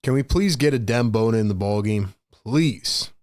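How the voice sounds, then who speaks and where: A man hosting a fan livestream, calling play-by-play in excitable, frustrated, slangy talk. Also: fairly low pitch, moderate pace, no room sound, clean studio sound. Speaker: host and play-by-play commentator.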